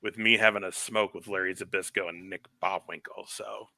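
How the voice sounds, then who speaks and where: A man's voice: low voice, steady tone, normal speed, gravelly, bright, forceful tone, no echo, clean studio sound. A man co-hosting a podcast, chatting casually and telling rambling stories with heavy swearing. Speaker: podcast co-host. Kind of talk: casual chat.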